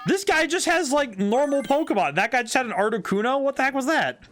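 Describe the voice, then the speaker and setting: A man's voice: extremely high pitch, fairly quick, faint music behind. A man commentating his game stream casually, joking and chatting with viewers. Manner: excitable, jokey, chats with viewers.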